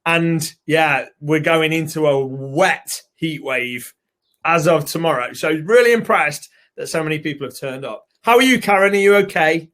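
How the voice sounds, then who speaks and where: A man's voice: on the high side, lively intonation, moderate pace, a bit bright. Chatty British man hosting a webinar. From United Kingdom. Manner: chatty, rambling, greets viewers by name. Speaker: co-host and co-founder.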